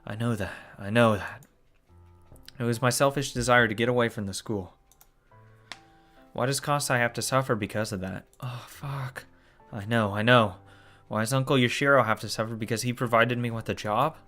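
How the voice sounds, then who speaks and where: A let's play host reads a visual novel aloud at normal speed, in a medium-pitched and fairly bright voice, with faint music in the background. Shocked curses and groans punctuate his reading.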